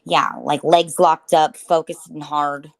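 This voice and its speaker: A woman's voice: low voice, flat delivery, slow pace, gravelly. A woman co-hosting a podcast, joking in a bawdy, candid way. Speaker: podcast co-host. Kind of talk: casual chat.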